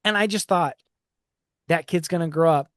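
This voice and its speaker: With a fairly high pitch and moderate pace, this man hosts a podcast in a dry, studio-quality recording. His casual conversation centers on reflective storytelling, with frequent restarts.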